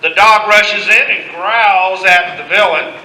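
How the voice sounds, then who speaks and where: A man tells a comic story to a live audience in a big, echoey room, stopping to coach the crowd and the volunteers. His voice sits very high and sounds bright and sharp. He takes the story at an unhurried pace. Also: a little hiss or hum. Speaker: storyteller leading an audience skit. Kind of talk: narrating a participation skit to a live audience.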